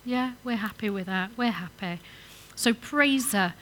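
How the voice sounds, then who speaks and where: A woman's voice: medium pitch, measured pace, a bit bright, a little hiss or hum. A woman giving an informal sermon to couples, chatty and coaxing the audience to join in. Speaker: church speaker on marriage.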